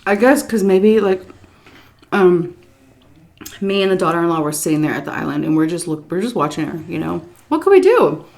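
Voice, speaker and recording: A woman's voice: fairly low pitch, brisk, creaky, pauses often. Chatty woman telling a story while eating. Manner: chatty and animated, with fillers. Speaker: vlogger.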